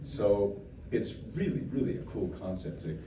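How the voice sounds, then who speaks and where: A man's voice: fairly low pitch, big pitch swings, moderate pace, distant mic. A man hosting a fan Q&A in a casual, playful way, often laughing as he tells stories. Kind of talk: casual joking chat with fans. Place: indoor meet-and-greet room. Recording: echoey room, recorded from afar, background noise.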